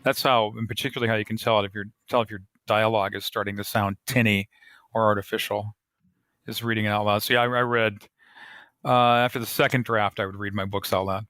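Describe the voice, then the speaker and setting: Bright dry-voiced male author. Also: fairly low pitch, steady tone, fast talker, no room sound. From United States. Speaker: author guest. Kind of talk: podcast interview.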